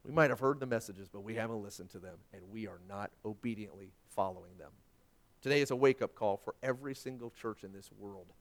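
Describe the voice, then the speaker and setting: A man preaching a sermon, swinging from loud emphatic peaks down to quiet, low-voiced stretches. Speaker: pastor.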